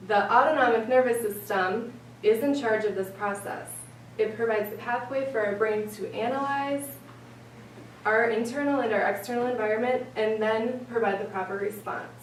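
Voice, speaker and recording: Higher-voiced woman in an echoey room. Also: distant mic, slight background noise. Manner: measured, explaining. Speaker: presenter. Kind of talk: explanatory presentation.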